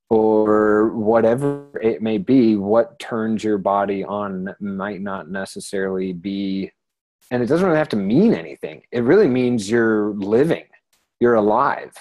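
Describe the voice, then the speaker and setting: A man's voice: lowish voice, darkish tone, rough recording. Easygoing man explaining over a call. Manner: easygoing, rambling, with many fillers. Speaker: co-host of an online class. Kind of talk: relaxed explanatory talk. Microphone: video call.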